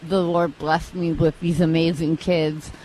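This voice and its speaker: A woman with a slight lisp, telling her personal testimony as an interview guest in an earnest, halting way, with many restarts. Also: sits low, flat delivery, dark tone, slight background noise, low-quality recording. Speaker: interview guest, mission staff. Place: outdoors at a live charity event.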